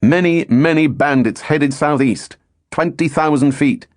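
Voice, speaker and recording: A businesslike male RAF controller calls clipped orders over the radio, as a man narrating puts him on. He speaks a little higher and louder than the narrator's plain voice. The sound is dry and close. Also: measured pace, dry recording, lightly acted. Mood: urgent orders.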